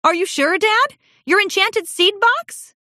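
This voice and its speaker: A woman's voice: high voice, big pitch swings, moderate pace, sharp tone, dry recording, clean studio sound, voice pushed up, exaggerated voice. A woman voicing a cheerful, talkative young mare in a storybook reading, with a bubbly, eager manner.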